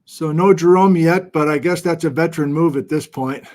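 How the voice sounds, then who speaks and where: A man's voice: on the high side, normal speed, a little mellow. A middle-aged man hosting a casual livestream, chatting in a self-deprecating way and reading out where viewers are watching from. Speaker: livestream host. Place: home studio with document camera.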